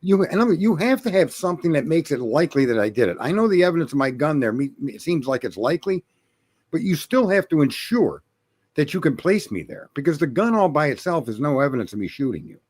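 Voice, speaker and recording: Male podcast guest, very lively, swooping intonation, argumentative and casual. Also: on the high side, fast talker, husky. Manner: animated, argumentative, laughs at his own stories. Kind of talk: casual chat.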